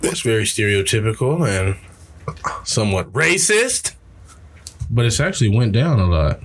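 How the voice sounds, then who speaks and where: A man's voice: on the low side, big pitch swings, moderate pace. A young man co-hosting a podcast, chatting casually, crude and joking with frequent laughter. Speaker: podcast co-host. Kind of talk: casual chat.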